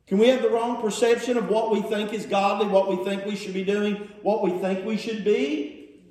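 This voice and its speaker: A man's voice: high-pitched, fairly even intonation, normal speed, darkish tone. A man preaching a sermon from scripture, asking his congregation rhetorical questions and paraphrasing the text with sarcasm. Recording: echoey room.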